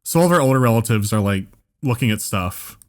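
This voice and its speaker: A man casually telling a long comedic story on a podcast, rambling with restarts and getting more excited as it goes. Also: fairly low pitch, fast talker. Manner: rambling, restarts often, builds to excited animated retelling. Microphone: podcast microphone.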